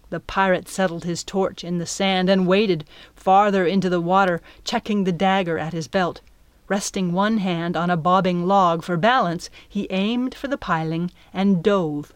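A woman narrating an adventure story in a steady, measured audiobook reading. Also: lowish voice, smooth, no echo.

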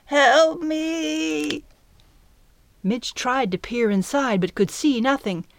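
A woman giving a scripted audiobook narration of a story, in an even, measured way. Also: a little high.

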